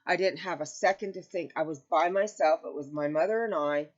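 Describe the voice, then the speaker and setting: A woman chatting to her viewers from home in a lowish voice, rambling and heartfelt. She sounds close to tears at times. The home-video audio is dull and lo-fi. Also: fairly quick. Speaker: crochet vlogger. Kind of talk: casual chat to camera. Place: home, with pets nearby.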